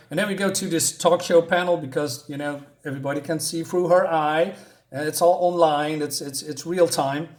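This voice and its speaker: Male comic reviewer, casual, rambling, slightly high voice. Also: steady tone, normal speed. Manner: rambling, many fillers and restarts, chuckles.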